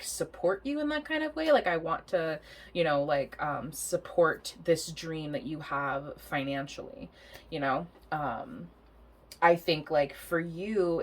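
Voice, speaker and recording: A young adult woman giving a casual tarot reading, rambling and chatty, laughing often and swearing freely. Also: deep voice. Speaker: tarot reader.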